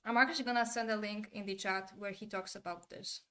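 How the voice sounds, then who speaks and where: A woman talks to her stream chat in a loose, casual way, and her voice sits at a middling pitch. She is opinionated and blunt and drops in the occasional swear word. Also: fairly even intonation, a little fast, bright, forceful tone. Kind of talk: casual livestream commentary.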